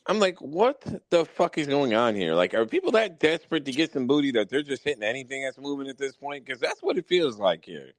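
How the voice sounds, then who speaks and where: A man hosting a podcast, telling wild work stories in a casual, profane, animated way. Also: mid-range voice, brisk, few pauses, no room sound, low-quality recording. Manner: profane, animated storytelling with mock exasperation. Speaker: podcast host. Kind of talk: casual storytelling chat.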